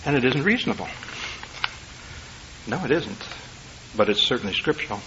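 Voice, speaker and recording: Folksy preacher on a dull old tape. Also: male voice, big pitch swings, normal speed, noisy background. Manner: folksy, rising to loud emphatic bursts then dropping low. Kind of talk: sermon.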